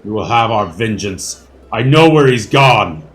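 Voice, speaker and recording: A proud herald of the old gods, as a man running a tabletop game puts him on. He speaks in loud, raised declarations and pushes his voice up with outrage. His delivery is slow and drawn out. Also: lowish voice, lively intonation, voice pushed down. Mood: bitter.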